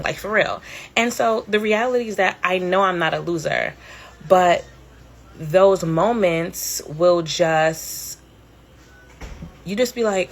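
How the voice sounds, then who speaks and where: A woman in her thirties tells a story in a casual, rambling way, with fillers and the odd curse. Her voice is low and gravelly with a husky edge. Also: takes it slowly, long pauses. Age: 30s. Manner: candid, rambling, fillers and swearing. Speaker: podcast host. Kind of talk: casual storytelling on a live stream.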